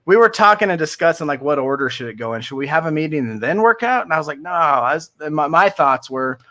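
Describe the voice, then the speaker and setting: Bright, earnest man hosting a recovery livestream. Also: on the high side, animated, fast talker. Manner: enthusiastic, earnest, jokey. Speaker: livestream host of a recovery community. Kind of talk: casual livestream chat.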